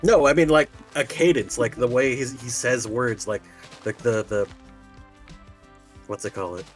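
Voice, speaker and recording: A man talking in casual livestream voice chat. He rambles in an animated way, swears freely and laughs often. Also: mid-range voice, a little slow. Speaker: stream guest player. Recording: faint game music underneath.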